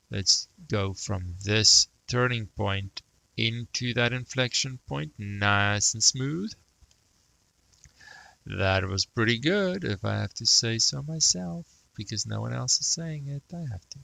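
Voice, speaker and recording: A man's voice: on the low side, gravelly, sharp tone, dry recording, low-quality recording. A man teaching math, thinking aloud and muttering to himself as he sketches a graph. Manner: self-talk, mutters, jokes about praising himself.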